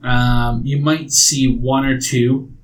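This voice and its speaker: A man running a tabletop game as game master, narrating scenes in a descriptive, unhurried way. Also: mid-range voice, level tone, a little hiss or hum, poor audio.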